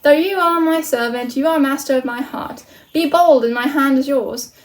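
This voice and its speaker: A woman voicing a vain, pompous male steward in a put-on mock British accent, pitched higher than her own voice, for a storybook reading. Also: moderate pace, far from the mic, lightly acted.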